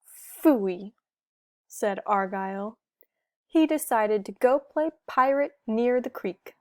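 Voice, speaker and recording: Woman, children's storybook reader, gentle, questions to the listener, fairly high voice. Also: animated, slow, no room sound, clean studio sound. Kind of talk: reading a picture book aloud to children.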